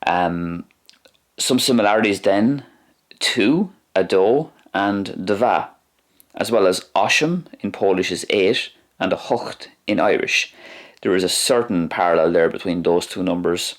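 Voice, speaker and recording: A man's voice: deep voice, a little slow. A man teaching a language lesson, pronouncing words carefully and repeating each one.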